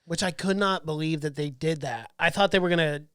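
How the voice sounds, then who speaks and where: A man co-hosting a podcast, mostly chiming in with short agreements and quick remarks while discussing a TV show. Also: fairly high pitch, fairly bright tone, clear, resonant tone, dry recording, clean studio sound. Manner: brief agreeing interjections, laughs along. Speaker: podcast co-host. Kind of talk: casual TV review chat.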